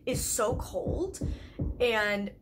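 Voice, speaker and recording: A woman's voice: a little high, lively intonation, very slow, over music. A young woman from Canada with a Canadian accent, telling a personal story in a candid, chatty vlog full of "like" fillers. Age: young adult. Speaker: YouTube vlogger.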